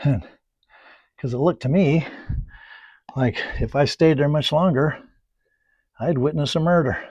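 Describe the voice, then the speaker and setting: A man teaching oil painting, rambling through folksy anecdotes and muttering softly to himself while he paints. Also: a little high, unhurried, husky, dry recording, dull audio. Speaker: painting instructor. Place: painting studio.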